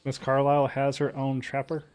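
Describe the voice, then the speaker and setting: A man roleplaying a frontiersman in a casual, halting way, often trailing off mid-sentence. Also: mid-range voice, completely flat delivery, a little mellow, clean tone. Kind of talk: in-character roleplay chat.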